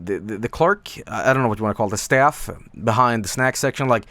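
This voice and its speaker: A man's voice: medium pitch, expressive, fast talker, hardly any pauses, fairly bright tone, no echo. Guy streamer just rambling, lots of uh and um, swears a bit, dry close mic. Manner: rambling, many fillers and restarts, swears casually. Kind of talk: casual stream chat.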